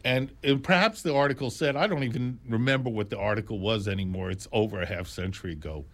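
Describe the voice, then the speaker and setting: A man in his sixties or older telling stories in a casual, animated, digressive way, full of exclamations and asides. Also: on the low side, fast. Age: 60s or older. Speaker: jazz storyteller. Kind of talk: casual storytelling monologue.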